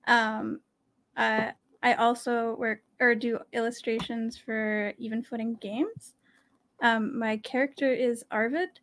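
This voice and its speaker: Woman player, bit higher voice, slow halting intro. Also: steady tone, a bit bright. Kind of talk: casual chat.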